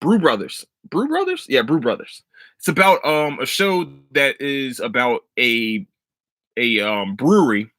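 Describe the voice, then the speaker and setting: A man hosting a casual solo podcast, talking loosely and excitedly with plenty of swearing. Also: medium pitch, measured pace, dry recording. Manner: loose, profane, excitable storytelling. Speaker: podcast host.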